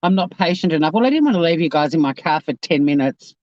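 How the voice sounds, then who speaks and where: A woman's voice: low-pitched, expressive, fast talker, dry recording, highs cut off. Exasperated woman ranting from her car. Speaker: YouTuber. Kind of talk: casual vlog rant. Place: inside a car.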